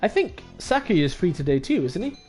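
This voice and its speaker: A man's voice: high-pitched, very animated, brisk, a little mellow, soft background music. Man doing a chirpy schoolgirl heroine. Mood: curious. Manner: eager, chirpy. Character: cheerful young female student heroine. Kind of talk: voicing a visual novel on stream.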